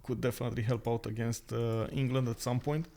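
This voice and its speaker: A young man casting a live strategy game, talking quickly with many filler sounds and excited outbursts. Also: medium pitch. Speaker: esports caster.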